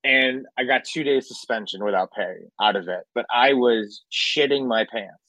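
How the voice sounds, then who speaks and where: A man in casual chat, telling a radio story with lively acted-out quotes and casual swearing. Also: medium pitch, normal speed, no room sound, low-quality recording.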